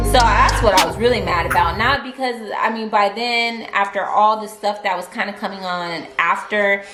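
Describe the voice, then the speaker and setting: A woman's voice: mid-range voice, moderate pace. Chatty young woman vlogger, roomy sound. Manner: candid, chatty, animated retelling with many fillers. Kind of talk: storytime vlog. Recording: echoey room with faint music.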